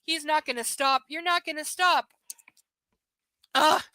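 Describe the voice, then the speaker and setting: A woman's voice: sits high, measured pace, pushed and bright, no room sound, poor audio. A woman chatting casually on a live stream, rambling and playful, sometimes slipping into baby talk with her pets. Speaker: streamer reading aloud.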